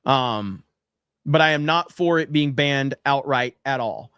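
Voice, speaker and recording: A man's voice: medium pitch, unhurried, fairly bright tone, smooth, no room sound, clean studio sound. A man hosting a casual livestream, reading viewer super chats aloud and ranting in a brash, profane, emphatic way. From United States.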